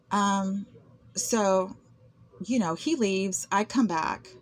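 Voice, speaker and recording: A woman vlogs unscripted to camera, recounting her experiences in a mid-range, a little mellow voice. Her tone is aggrieved, and she keeps repeating words and starting sentences over.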